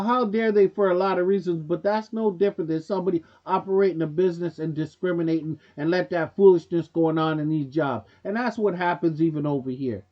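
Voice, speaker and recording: A man with a notably high-pitched voice delivers a blunt, preachy monologue as a commentary host, talking straight at his viewers in loose everyday speech. The recording is dull and lo-fi, with the top end muffled. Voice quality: casual speech with dropped grammar. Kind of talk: opinionated monologue.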